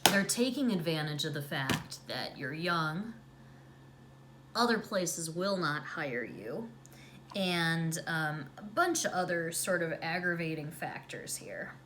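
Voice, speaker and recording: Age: unknown. Sex: woman. Role: beauty vlogger. Style: slow, chatty storytime with a lowish voice. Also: lively intonation, background noise. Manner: chatty, sarcastic, acts out quotes in hushed voices. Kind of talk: casual storytime while doing makeup.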